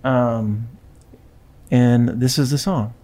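A woman's voice: a bass voice, fairly even intonation, slow, mellow. A woman hosting a podcast, chatting casually in a rambling, self-deprecating way. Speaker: podcast host. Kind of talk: casual chat.

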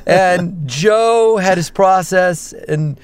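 A man, a voice actor and stand-up comedian, telling animated stories and slipping into character voices. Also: sits high, clear, resonant tone. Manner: lively storyteller, quick jumps into character voices. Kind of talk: animated anecdotes with voice impressions.

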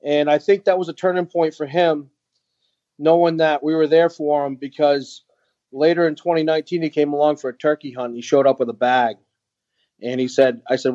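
Earnest halting man, muffled sound. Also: medium pitch, level tone, warm tone, no room sound. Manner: earnest, halting, many fillers. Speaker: guest, veteran nonprofit founder. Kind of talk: storytelling in a podcast interview.

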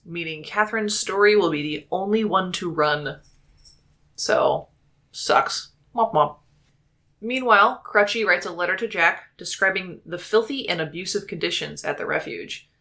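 A woman's voice: fairly low pitch, animated, a little slow, sharp tone. A woman co-hosting a casual podcast, recapping a stage musical's plot with lots of laughs and fillers. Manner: giggly, upbeat, lots of "like". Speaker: podcast co-host.

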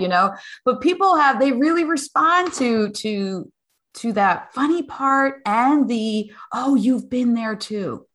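A woman's voice: on the high side, unhurried, a bit bright. A woman co-hosting a podcast, bubbly and laughing as she talks. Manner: bubbly, laughs while talking. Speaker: podcast co-host. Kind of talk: casual conversation.

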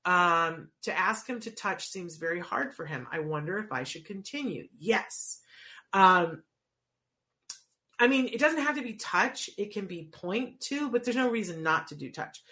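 Speaking a little slowly, a woman with a medium-pitched, sharp-toned voice and lively intonation guides parents through teaching a child new words. She's a child language therapy coach who keeps it conversational, frequently checking in with "right?"

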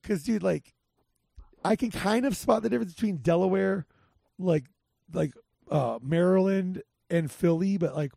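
A man's voice: high voice, unhurried, creaky, warm tone, no room sound, studio quality. A man hosting a podcast, rambling casually through game picks with lots of restarts and filler. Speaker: podcast host. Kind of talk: casual sports betting chat.

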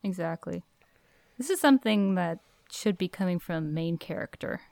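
A woman's voice: fairly low pitch, lively intonation, moderate pace, vocal fry, darkish tone, no room sound. A woman co-hosting a casual podcast, giving her reactions in a chatty way with frequent restarts and laughs. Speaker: podcast co-host. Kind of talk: casual chat.

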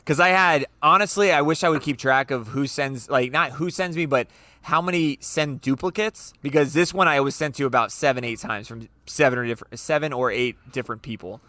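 A man with a bright, clear, crisp voice, recorded dry and close. He rambles and jokes in loose podcast banter, swearing freely and sounding a touch tipsy. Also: mid-range voice, fairly quick, no echo. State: a little tipsy after three beers. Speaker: podcast host.

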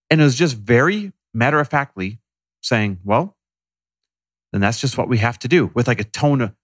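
A man recounts a story in casual chat with his co-host. His voice sits in a mid-range pitch, and he talks in a candid, self-deprecating way. The sound is close and dry. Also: fairly bright tone, dry recording. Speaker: podcast co-host. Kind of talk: casual conversation.

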